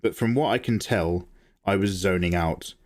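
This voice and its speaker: A man hosting a live drawing stream, chatting casually and reacting to viewer messages, laughing often. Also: moderate pace. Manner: chatty, animated, laughs often, jumps to high pitch when excited. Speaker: art livestream host. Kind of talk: casual chat while drawing, reading chat.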